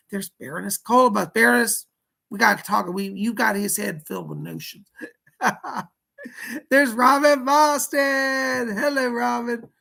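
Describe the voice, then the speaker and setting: Guy hosting a psychic livestream, fussy and chatty, real raspy gravelly voice. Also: high voice, sharp tone. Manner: chatty and fussy, scolding a pet companion and greeting viewers. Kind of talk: casual livestream chat with viewers.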